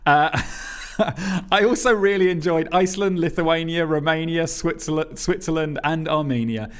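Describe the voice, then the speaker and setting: A man reads listener emails on a casual podcast and chats with his co-host, laughing often. His voice sits at an ordinary middle pitch and jumps sharply upward as he reacts.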